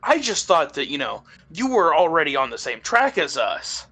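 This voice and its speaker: A man's voice: on the high side, expressive, normal speed, sharp tone. A man doing a cocky hook-handed adventurer. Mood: alarmed. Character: one-handed hooked adventurer, cocky and touchy.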